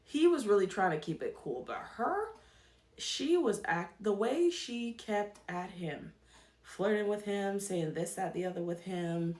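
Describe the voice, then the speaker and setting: A woman's voice: medium pitch, lively intonation, measured pace, a little mellow, roomy sound. A woman hosting a podcast, giving casual commentary and repeating her points emphatically. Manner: emphatic, repeats herself for stress. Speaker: podcast host.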